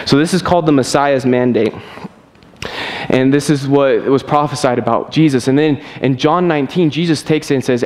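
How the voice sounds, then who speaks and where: A young man preaches to a church congregation in a relaxed, conversational way. His voice sits at an ordinary middle pitch. He stumbles over his words, stammers and restarts his sentences, and laughs at himself often. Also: normal speed. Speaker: pastor. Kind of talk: sermon with personal story. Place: church service.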